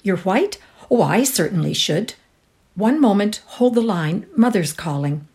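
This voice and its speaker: A woman reading aloud, voicing an excitable young woman who gushes in a high, bright voice. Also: measured pace. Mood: gushing.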